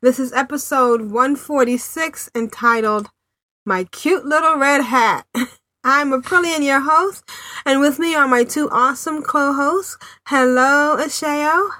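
A woman hosts a podcast from home in a New England city, her high-pitched, pushed, bright voice a little slow on a dry recording. She chats casually, using many fillers and laughing frequently.

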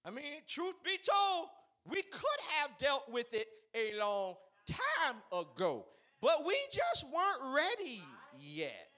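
A man preaching a sermon, swinging between shouted, fiery peaks and quiet, conversational asides. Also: extremely high pitch, wildly swooping pitch, takes it slowly, few pauses. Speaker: pastor.

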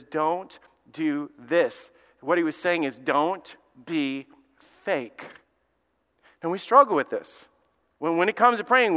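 Animated pastor preaching in a reverberant hall. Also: male voice, a little high, smooth. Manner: animated and joking, acting out quick little scenes. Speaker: lead pastor. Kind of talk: sermon.

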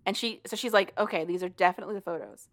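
A woman casually recapping a story for a co-host, animated and profane, laughing often as she talks. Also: on the low side, rapid-fire. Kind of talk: casual chat.

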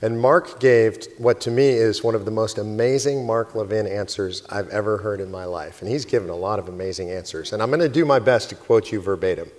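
A man and organization president telling an animated story in a speech to a live audience, laughing often as he goes. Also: fairly low pitch, brisk, hardly any pauses. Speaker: convention speaker and organization president. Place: conference hall stage. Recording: long hall reverb with faint crowd.

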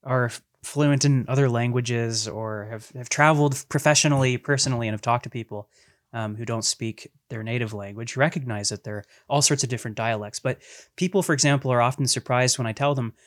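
A man hosts a podcast and asks long, winding questions at a relaxed pace. He pauses on ums and circles back on himself, and his pitch stays in a middle range. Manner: thoughtful, rambling questions with fillers. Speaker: podcast host. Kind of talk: casual interview questions.

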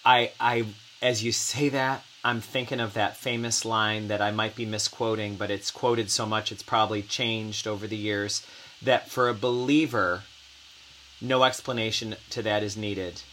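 A man's voice: fairly low pitch, fairly even intonation, normal speed, sharp tone, slight background noise. A man hosting an interview, reflective and thinking aloud as he asks questions. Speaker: podcast host. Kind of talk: conversational interview.

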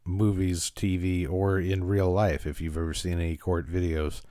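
A man's voice: low voice, little pitch movement, moderate pace, mellow, no room sound, clean studio sound. A man hosting a podcast, casually recapping an episode with frequent fillers and restarts. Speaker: podcast host.

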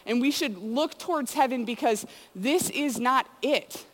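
A woman's voice: high-pitched, measured pace. A woman giving a casual sermon to students, telling stories in a chatty way full of "like" and "you know". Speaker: youth speaker. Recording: long hall reverb.

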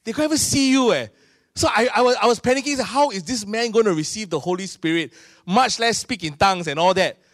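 Singaporean pastor preaching with animated storytelling. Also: male voice, high voice, fairly quick, no room sound, studio quality. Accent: Singaporean English. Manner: animated storytelling, acting out voices of people in his stories. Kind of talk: sermon.

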